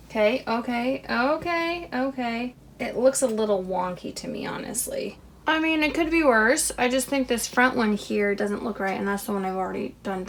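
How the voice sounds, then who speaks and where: A woman's voice: on the high side, fairly bright tone, slight background noise. A young woman talking to herself as she crochets a toy, chatty and self-deprecating, laughing at her own mistakes. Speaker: crochet vlogger. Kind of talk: casual self-talk while crafting.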